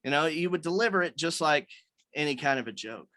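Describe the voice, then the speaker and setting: A man's voice: a little high, expressive, brisk, bright, forceful tone, dry recording. A man leading a writers' meeting on a video call, explaining things loosely with many fillers and restarts.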